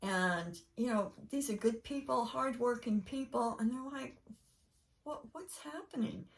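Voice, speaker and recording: An older woman hosting a casual chat, telling a rambling, animated story with laughing asides. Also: fairly high pitch, measured pace, slight background noise. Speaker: podcast host. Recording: voice a bit far from mic.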